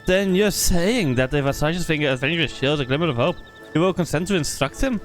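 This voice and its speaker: A refined, eager young nobleman speaks with florid, theatrical polish, as a man voices him. The voice is a touch high. It is a game character voice. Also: fast talker, soft background music, natural voice. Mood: flattering.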